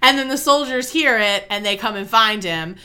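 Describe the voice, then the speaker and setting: Young woman, co-host, bright and slightly high voice, casual animated storyteller. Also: normal speed. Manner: animated retelling, peppered with "like" and "okay?". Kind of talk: casual chat.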